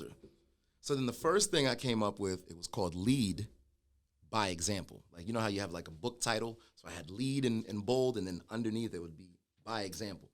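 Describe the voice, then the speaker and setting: A middle-aged man, a guest telling his own story in a casual conversation, animated and acting out the voices of people he quotes. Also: on the low side, brisk. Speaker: guest, clothing brand founder.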